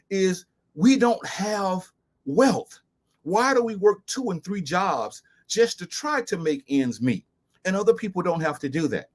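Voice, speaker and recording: Male show host, slightly high and very animated, preacherly and emphatic. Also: slightly rough. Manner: preacherly, addressing viewers as "beautiful people" and "brothers and sisters"; emphatic, repeats key lines slowly. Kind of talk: talk-show monologue with charts.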